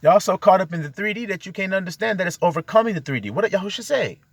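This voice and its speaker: Man preacher, highish lively voice, exhorting and fired up, recorded dry inside a car. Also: rapid-fire, gravelly, no echo. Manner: exhorting, fired-up, peppered with rhetorical questions to the audience. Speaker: self-styled preacher. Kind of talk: impassioned spiritual monologue.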